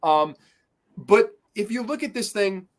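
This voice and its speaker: A man's voice: high-pitched, animated, a little slow. A man as a podcast guest in casual movie talk, blunt and profane, firing off rhetorical questions.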